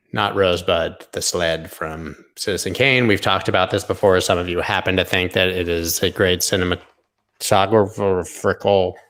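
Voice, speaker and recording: A man hosting a live crypto charting stream, rambling sarcastically with tangents and the odd swear. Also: sits low. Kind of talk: casual live-stream commentary.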